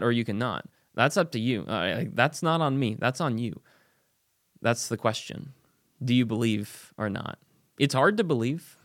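A man walks through a Bible passage in an earnest, conversational way, often pausing to ask "right?". His voice sits in a middle pitch and sounds dry and close, with no room around it. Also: no echo. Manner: earnest, thinking aloud with frequent "right?" asides. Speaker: Bible teacher. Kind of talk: casual Bible study talk.

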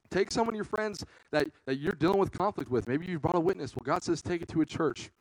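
Young male youth preacher, casual and earnest, slightly high voice, dry close sound. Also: lively intonation, brisk, slightly rough, no echo, poor audio. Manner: casual, earnest, says "man" often. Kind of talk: sermon.

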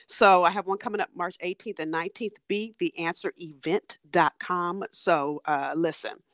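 A woman in her forties, a coach, speaking as a podcast guest and telling stories in lively, rapid bursts. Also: lowish voice, no echo, studio quality. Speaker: business and transformation coach.

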